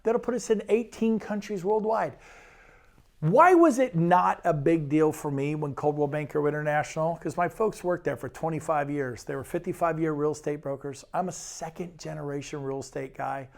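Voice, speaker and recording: A man, a real estate broker, giving an enthusiastic and persuasive sales pitch presentation. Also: gravelly. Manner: enthusiastic, persuasive, rapid lists.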